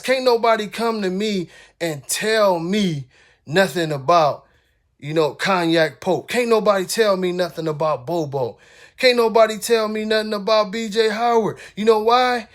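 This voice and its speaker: High-voiced man ranting bluntly on a livestream. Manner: blunt and profane, repeating himself for emphasis. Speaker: dog breeder ranting on a livestream. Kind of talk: heated livestream rant.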